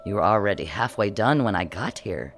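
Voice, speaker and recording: A man's voice: on the low side, animated, a little fast, over music. Guy doing a sneering cheery villain, sweet and cruel, storybook reading. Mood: mocking. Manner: taunting, sing-song, falsely sweet. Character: mocking cheerful male villain, cruel and manipulative.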